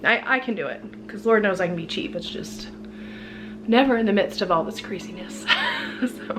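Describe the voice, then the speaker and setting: Over music, a female vlogger speaks at normal speed with a medium pitch as she chats through her grocery haul at home. Though tired from illness, she stays talkative, giving an upbeat price rundown punctuated by frequent laughter.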